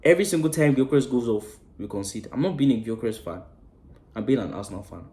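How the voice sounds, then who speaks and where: A man hosting a football fan channel, delivering a passionate, preachy match-reaction rant that swears freely and swings between loud outbursts and hushed asides. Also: medium pitch, expressive, fast, roomy sound.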